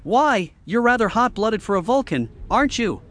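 A man's voice: high-pitched, normal speed, pitched above the performer's own voice. A man voicing Q, a smug, mischievous, godlike male trickster entity who mocks everyone theatrically. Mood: mocking. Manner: theatrical, mocking, lively.

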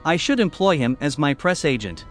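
A man's voice: fairly high pitch, normal speed, faint music behind, pitched above the performer's own voice. A man voicing Q, a smug, mischievous, godlike male trickster entity who mocks everyone theatrically. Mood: mocking. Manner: theatrical, mocking, lively.

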